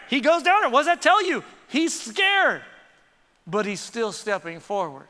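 A man preaching a lively sermon with quick asides, leading the congregation in call and response. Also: very high voice. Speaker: pastor. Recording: reverberant church hall.

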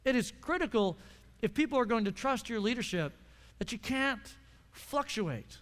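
High-voiced male pastor in a reverberant hall. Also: animated, normal speed, a bit bright. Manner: conversational, repeats words, questions the audience. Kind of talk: sermon.

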